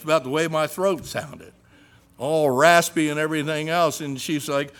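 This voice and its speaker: A middle-aged man preaching a sermon, animated, swinging between loud emphasis and hushed asides. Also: a little high, moderate pace.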